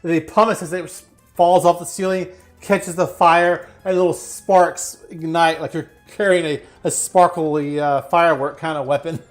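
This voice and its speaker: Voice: medium pitch, steady tone, normal speed, soft background music. Laughing tabletop game master. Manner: laughs through vivid descriptions. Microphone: headset or desk mic in an online stream.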